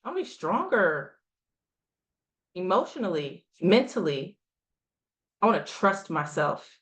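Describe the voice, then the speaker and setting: A woman's voice: fairly low pitch, sing-song, a little slow, fairly bright tone. Emphatic woman coaching a group. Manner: emphatic, rhetorical questions, repeats lines for effect. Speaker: health coach. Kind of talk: motivational coaching talk.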